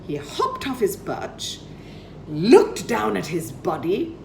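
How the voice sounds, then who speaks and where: Woman storyteller, children's tale, slow unhurried delivery, lively rising and falling pitch, hushed moments. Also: vocal fry, a crowd in the background, poor audio. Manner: expressive, slowing and dropping to near-whispers for effect. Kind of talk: dramatic storytelling.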